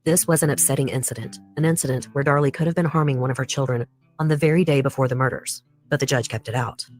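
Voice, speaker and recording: A podcast host reading a scripted true crime case in a measured storytelling way, with pointed personal asides. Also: medium pitch, fairly even intonation, faint music behind.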